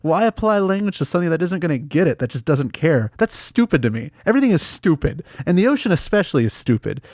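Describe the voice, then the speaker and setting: A man hosting a comedy podcast, delivering an absurd mock-serious monologue that jumps in pitch and breaks into awkward laughter. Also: expressive, quick pace, darkish tone, no room sound, studio quality.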